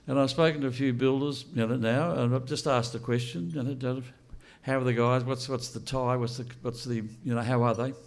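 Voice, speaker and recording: A man's voice: mid-range voice, fairly even intonation, moderate pace, gravelly, few pauses. An older man giving a blunt, unscripted speech to an audience and asking rhetorical questions. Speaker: speaker at a political launch event.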